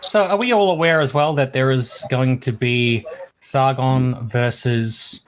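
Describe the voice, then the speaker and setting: A man's voice: mid-range voice, a little slow, a little hiss or hum. A man on a livestream panel, chatting casually and steering the talk with questions.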